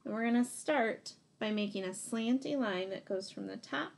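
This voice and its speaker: A woman's voice: on the high side, creaky, slight background noise. A woman teacher giving a phonics lesson to young children, sounding out letters and praising answers. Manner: slow, encouraging, sounding out letters.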